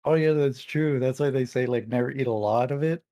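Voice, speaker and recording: Male podcast co-host, warm dark tone, dry close sound, easygoing. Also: mid-range voice, a little fast, no echo. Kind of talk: casual podcast chat.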